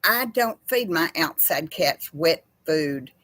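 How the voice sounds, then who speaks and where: With a low-sitting, expressive, slightly bright voice, a middle-aged woman talks slowly in a recording free of room sound. She's the host of a laid-back livestream chat, chatting her way from topic to topic, greeting viewers by name, and laughing easily.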